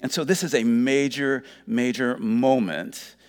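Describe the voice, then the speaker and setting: A middle-aged pastor delivers a sermon in a loose, conversational way, tossing in joking asides and tripping over his own words. His voice sits at an ordinary male pitch. A long hall reverb trails every phrase, as in a church sanctuary. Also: fairly even intonation, a little slow, clear, resonant tone.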